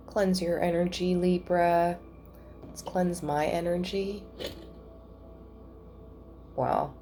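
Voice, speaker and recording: Woman doing a chill reading at home, talks slow and muses out loud, low voice. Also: vocal fry. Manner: chatty, thinking aloud with soft asides. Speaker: tarot reader. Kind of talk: casual spiritual reading to camera.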